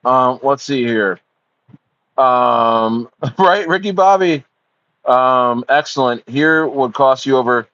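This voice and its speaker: A man's voice: medium pitch, takes it slowly, fairly bright tone, no echo, lo-fi sound. A man hosts a casual livestream. He rambles, fills his talk with ums and uhs, swears, and calls his viewers bro. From United States. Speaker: livestream host.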